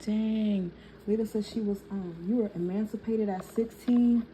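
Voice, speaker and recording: A woman's voice: medium pitch, steady tone, a little slow, warm tone, slight background noise. A young woman nail technician telling a personal story in a chatty, laughing vlog style, talking to viewers as y'all.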